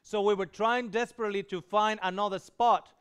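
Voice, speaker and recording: A man preaching with a high, smooth and resonant voice, telling a personal story with animation. He acts out the people he quotes. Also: steady tone, brisk, fairly bright tone. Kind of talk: storytelling sermon.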